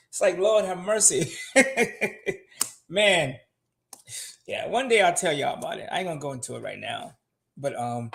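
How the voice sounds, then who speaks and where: A man's voice: high voice, creaky, fairly bright tone. A man talking frankly in casual livestream style, swearing freely and answering viewer comments from his home. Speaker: guest on a finance show. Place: home room.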